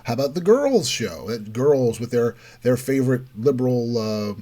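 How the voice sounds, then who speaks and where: A man's voice: medium pitch, big pitch swings, normal speed, dark tone. A man hosting a political commentary show, delivering an opinionated monologue and mocking others with quoted voices. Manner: emphatic, mocking quotes in raised voice.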